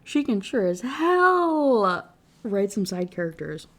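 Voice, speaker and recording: A woman's voice: mid-range voice, sing-song, slow, a bit bright. A woman giving a casual, ranting book review, blunt and profane, chatty with lots of fillers.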